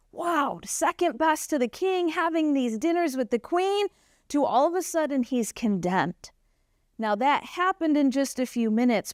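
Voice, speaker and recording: A woman teaching a children's Bible lesson at church, telling the story with animated expression and acting out the characters' lines. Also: a little high, dry recording, studio quality.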